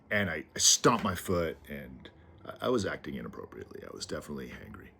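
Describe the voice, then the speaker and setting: A man casually telling a rambling personal anecdote in his small home, halting with fillers. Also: a bass voice, expressive, creaky, bright, forceful tone, slightly rough. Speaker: vlogger. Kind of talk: casual storytelling. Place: small low-ceilinged home.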